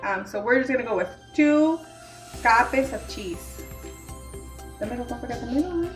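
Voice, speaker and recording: A woman's voice: on the high side, animated, normal speed. A woman hosting a casual home cooking demonstration, chatty and teasing, with many fillers. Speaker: cooking channel host. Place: home kitchen. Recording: echoey kitchen, faint music.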